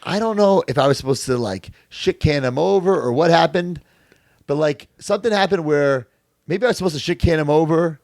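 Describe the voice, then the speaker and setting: A man's voice: fairly high pitch, brisk, darkish tone, no room sound, studio quality. A man on a podcast, telling stories in a rambling, profane way with lots of fillers. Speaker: podcast co-host, wrestler. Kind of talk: casual podcast chat.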